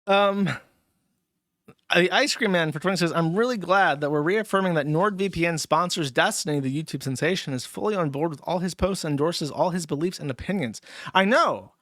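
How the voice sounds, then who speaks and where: A man's voice: fairly high pitch, normal speed, fairly bright tone, no room sound, studio quality. A man hosting a livestream, ranting in a profane, mocking way and reading out viewer donations. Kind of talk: casual livestream rant.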